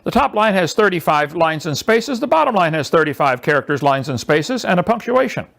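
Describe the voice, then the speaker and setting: A man lecturing a small audience, sarcastic and mocking, with an animated, emphatic delivery. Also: fairly high pitch, brisk, gravelly. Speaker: presenter.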